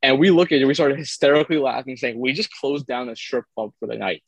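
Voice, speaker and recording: A man's voice: medium pitch, fast, creaky, no room sound, poor audio. A young man co-hosting a podcast, telling a rambling, crude, jokey story in casual chat. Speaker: podcast co-host.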